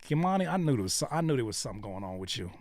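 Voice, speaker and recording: Speaking very fast and very animatedly at a medium pitch, this man runs a music-reaction livestream where he reviews submissions. He jokes around, swears casually and repeats lines for effect, and there's no echo.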